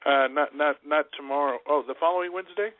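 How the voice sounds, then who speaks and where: A man's voice: fairly high pitch, fairly even intonation, quick pace, dry recording. A man co-hosting a casual wrestling radio show, rambling with fillers and restarts. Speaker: podcast co-host. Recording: tinny phone-line audio, dry.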